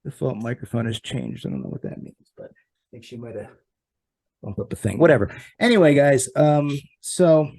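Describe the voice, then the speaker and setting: A man's voice: a little high, lively intonation, normal speed, vocal fry, dark tone, dry recording. A man from South Jersey hosting a casual live-streamed interview, talking in a scattered, chatty way. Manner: chatty, scattered, talks to his dog mid-show. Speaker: host. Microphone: computer mic on a live stream.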